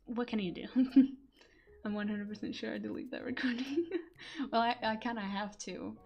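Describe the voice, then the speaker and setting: A woman voice actor chatting casually on a live stream in accented English, giggling and self-deprecating, recorded on a quiet desk mic. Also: fairly high pitch, steady tone, moderate pace, creaky, muffled recording. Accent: non-native English accent.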